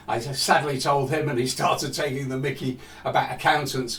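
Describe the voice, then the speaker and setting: A man in his seventies telling a personal story in a talk, reflective and asking rhetorical questions. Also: a little high. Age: 70s. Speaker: speaker. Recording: roomy echo, distant mic.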